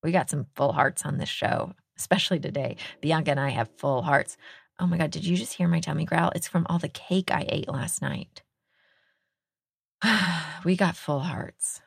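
A woman's voice: deep voice, moderate pace, vocal fry, breathy edge, no room sound, studio quality. A middle-aged woman from Texas hosting a podcast, chatting in a casual, self-deprecating way and laughing often. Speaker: podcast host.

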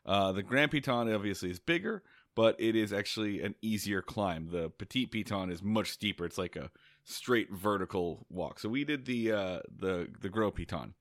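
A man's voice: lowish voice, animated, normal speed, a bit bright, no echo, studio quality. A man co-hosting a casual podcast, telling a rambling story with many restarts and laughs. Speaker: podcast co-host.

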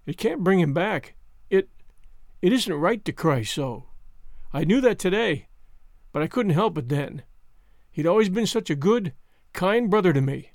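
A man reading the part of a strict older woman who speaks with plain, halting tenderness, in a dry, close recording. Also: high voice, animated, a little mellow, no room sound. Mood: consoling. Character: stern older woman, softening with love.

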